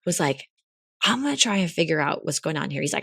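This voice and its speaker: A woman co-hosting a podcast, telling a story in a casual, animated way with lots of fillers. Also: deep voice, quick pace, creaky, slightly rough, no echo, clean studio sound. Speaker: podcast co-host.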